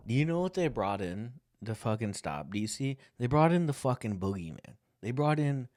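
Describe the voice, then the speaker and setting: A man's voice: mid-range voice, expressive, normal speed, darkish tone. A young man hosting a casual sports talk show, ranting in a heated, profane, rambling way and getting worked up. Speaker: podcast host.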